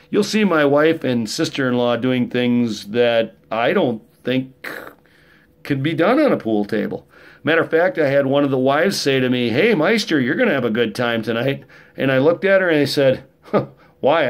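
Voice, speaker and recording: A middle-aged man, telling stories in a rambling, joking monologue. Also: mid-range voice. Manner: rambling, joking, rough-edged storytelling. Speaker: vlogger. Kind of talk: casual monologue.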